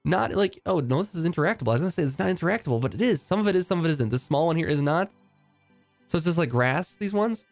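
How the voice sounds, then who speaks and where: A man's voice: a little high, lively intonation, fast talker, creaky, no echo, faint music behind. A man giving casual, upbeat commentary while playing a video game, thinking aloud with frequent fillers and restarts. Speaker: game streamer.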